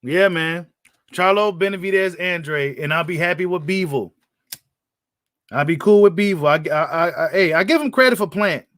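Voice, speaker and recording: A man's voice: high-pitched, normal speed, fairly bright tone, no room sound, studio quality. A man hosting a casual live stream about boxing, talking in a blunt, slangy way and often repeating his points. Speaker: boxing commentator host.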